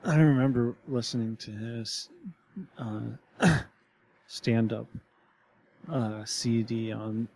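Gravelly man rambling in casual chat. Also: mid-range voice, steady tone, takes it slowly, a little mellow, slight background noise. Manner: rambling, full of fillers and restarts.

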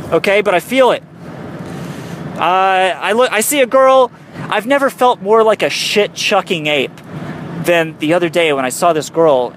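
A young man with a slightly high voice riffs through a rambling, foul-mouthed comic rant about himself. He is recorded inside a moving car, with faint road noise underneath. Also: a bit bright. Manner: profane, rambling, self-mocking rants. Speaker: comedian. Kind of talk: comic monologue recorded while driving. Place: in a car on a highway.

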